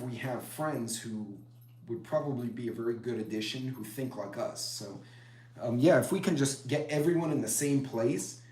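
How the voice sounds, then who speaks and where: Greeting commenters in a rambling, chatty way, a middle-aged preparedness host runs a casual live stream. He has a medium-pitched, darkish voice, and the room is echoey.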